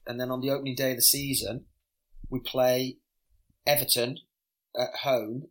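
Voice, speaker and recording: A middle-aged former footballer, a man, telling animated anecdotes in a casual podcast interview, often stammering and repeating words. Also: mid-range voice, normal speed, long pauses, rough recording.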